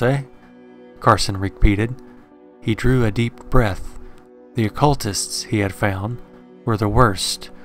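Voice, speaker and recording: A man narrating a horror story in a measured, steady scripted reading. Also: lowish voice. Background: faint horror background music.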